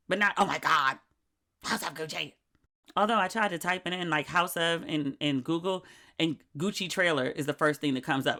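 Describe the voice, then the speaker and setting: Middle-aged woman, podcast host, casual solo chat, frank and chatty, mimics friends when quoting them. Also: fairly low pitch. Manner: chatty, candid, acts out quoted friends in animated voices.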